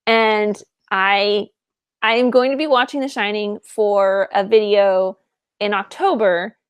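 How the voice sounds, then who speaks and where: A woman's voice: mid-range voice, steady tone, slow, clean tone, no room sound. Woman, podcast co-host, casual chat, chatty, filler words, dry close sound.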